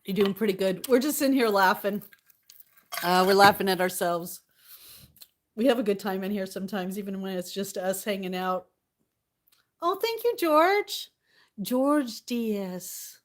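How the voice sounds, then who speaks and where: A woman's voice: medium pitch, normal speed. A giggly young woman chats casually on her livestream. She laughs often as she talks and greets her viewers one by one by name. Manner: giggly, laughs often, reads out chat names. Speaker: live streamer.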